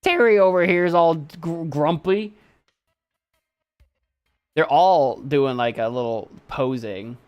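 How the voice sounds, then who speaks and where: A man's voice: on the high side, takes it slowly, pauses often, clear, resonant tone, lo-fi sound, faint music behind. A man chatting casually on a live stream, giving playful commentary.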